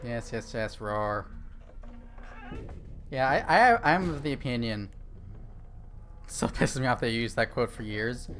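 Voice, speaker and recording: A man's voice: mid-range voice, expressive, slow pace, long pauses, fairly bright tone, faint music behind. A young man chatting casually while streaming a horror game, rambling with lots of fillers and restarts. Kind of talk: casual gaming stream chat.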